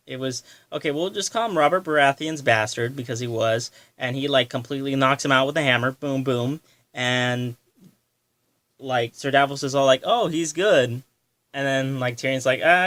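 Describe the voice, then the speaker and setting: A man's voice: medium pitch, fairly bright tone, dry recording. A young man casually recapping a TV episode, rambling with lots of fillers and loose paraphrase, with the odd swear word. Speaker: show reviewer.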